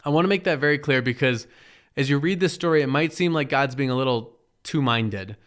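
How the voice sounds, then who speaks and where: Smooth-voiced man teaching casually. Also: mid-range voice, brisk, fairly bright tone. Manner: conversational, checks in with "right?"; acts out quoted characters in the retelling. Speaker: Bible teacher.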